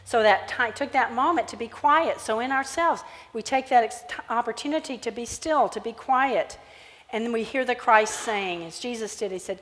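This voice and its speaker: A woman's voice: a little high, moderate pace. Woman preaching in an echoing church. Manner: animated storytelling, acting out biblical characters. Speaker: pastor. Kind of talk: sermon. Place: church sanctuary. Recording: church hall reverb.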